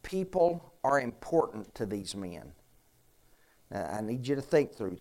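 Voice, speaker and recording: Male pastor, conversational sermon; earnest, halting, folksy. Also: medium pitch, sing-song, darkish tone. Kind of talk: conversational sermon with questions to congregation.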